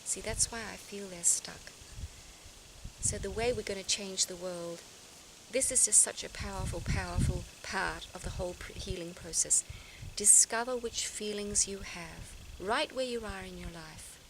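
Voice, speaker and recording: With outdoor noise behind her, a woman addresses her vlog viewers reflectively, sounding earnest and searching and frequently restarting. Her mid-range voice has vocal fry and moves at normal speed.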